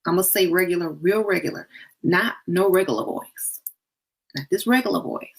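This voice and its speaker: Speaking at a moderate pace with a breathy edge, a dating and self-worth advice host keeps things casual, blunt, and playful in everyday language. Now and then she shifts into a higher, sweeter voice to model the approach.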